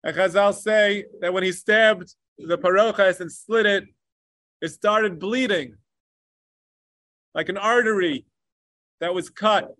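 A man teaching a Torah lecture with passion, mixing Hebrew learning terms into English and swinging between emphatic peaks and hushed asides. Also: high-pitched, takes it slowly, pauses often, no room sound. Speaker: rabbi. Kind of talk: Torah lecture on the Tisha B'Av kinos.

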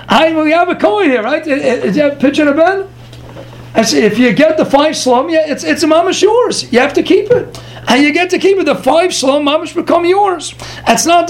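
A man teaching a Torah class, quoting Hebrew sources and translating them, with lively storytelling and quick asides to his listeners. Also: very high-pitched. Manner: reads Hebrew sources then translates them into plain English.

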